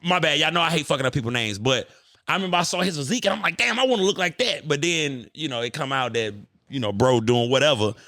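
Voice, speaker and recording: A man hosting a podcast, telling stories in an animated, profane way. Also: mid-range voice, quick pace, no echo, studio quality. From United States. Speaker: podcast host. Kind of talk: casual podcast chat.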